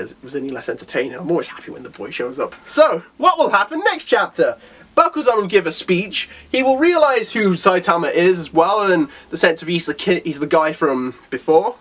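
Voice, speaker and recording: Guy chatting about a manga chapter, super animated voice that jumps all over, rambly and excited. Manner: enthusiastic, rambling with fillers and restarts; acts out characters' lines in a lowered voice. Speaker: manga reviewer. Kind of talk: casual chapter review.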